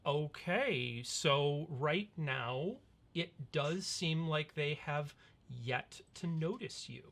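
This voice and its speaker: Slow, bright-voiced game master. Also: mid-range voice, creaky. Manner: slow, hesitant, many fillers. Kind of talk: running a livestreamed tabletop game.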